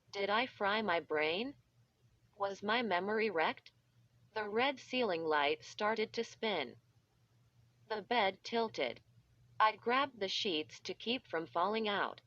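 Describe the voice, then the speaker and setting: A synthetic-sounding woman with a medium-pitched, slightly bright voice reads a children's horror story aloud. She reads the text literally, spelling out letters, and the recording is dull and lo-fi.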